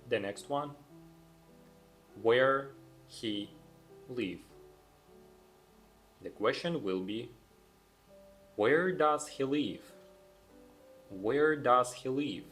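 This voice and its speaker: A young man teaching English grammar, saying each example sentence slowly and then repeating it, calm and patient. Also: lowish voice, soft background music. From Russia. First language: Russian. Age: young adult. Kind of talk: slow, deliberate language lesson.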